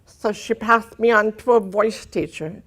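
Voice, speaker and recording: A woman with a deaf speech pattern gives her testimony at a medium pitch for a woman. Her vowels and consonants land unusually, so listeners often take her for a foreigner. She tells her story earnestly and slips in dry humor. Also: unhurried, fairly bright tone. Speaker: speaker giving a personal testimony. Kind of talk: testimony talk to an audience.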